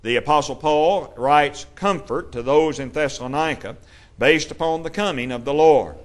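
Man preaching a measured Bible lesson. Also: on the high side. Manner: measured Bible teaching with emphatic scripture readings. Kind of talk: sermon.

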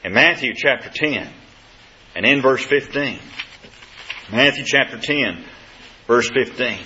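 A man preaching a sermon to a congregation, quoting scripture and addressing the brethren, swelling loud and high on key phrases, then dropping low and soft. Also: measured pace, a little hiss or hum. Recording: dull lo-fi sound.

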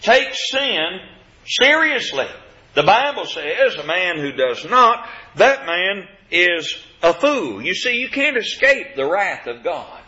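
A man's voice: sits high, very animated, takes it slowly, few pauses. Emphatic preacher man. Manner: emphatic, rising to forceful stresses on key words; reads scripture in King James cadence. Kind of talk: sermon. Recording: dull lo-fi sound.

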